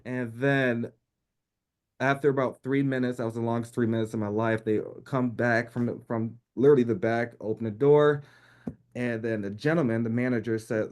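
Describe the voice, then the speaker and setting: A man's voice: mid-range voice, moderate pace. A man in his thirties from New York, telling a personal story in casual conversation, laughing often and acting out the voices of people he quotes. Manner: animated, laughs often, acts out quoted speech. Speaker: podcast guest.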